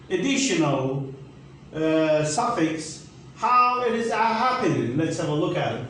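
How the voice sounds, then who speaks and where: Slow, emphatic man teaching grammar. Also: fairly high pitch, big pitch swings, a bit bright, very echoey, recorded from a distance, slight background noise, poor audio. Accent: Turkish. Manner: slow, emphatic, spelling letters out. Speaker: English teacher. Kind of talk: grammar lesson.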